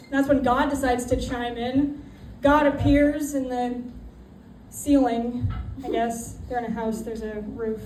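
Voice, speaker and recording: A woman's voice: on the high side, steady tone, takes it slowly, pauses often, darkish tone. A woman performing a stand-up comedy routine, brashly telling a story and acting out the voices in it. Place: comedy club stage with audience. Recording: roomy, distant, noisy club audio.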